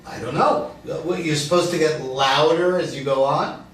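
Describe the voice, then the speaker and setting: An actor reading the part of a chatty, hesitant adult Hebrew student in a virtual play reading. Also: male voice, a little high, moderate pace, a little hiss or hum, natural voice. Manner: rambling, hesitant, joking. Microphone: remote video call mic. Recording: echoey room, distant mic, faint ambience.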